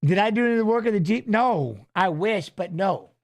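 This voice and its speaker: Brief: high-pitched male host, casual rambling watch-along chat, keeps saying "you know what I mean". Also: animated, fairly quick. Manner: loose, rambling, chats with viewers, reads fighter stats aloud.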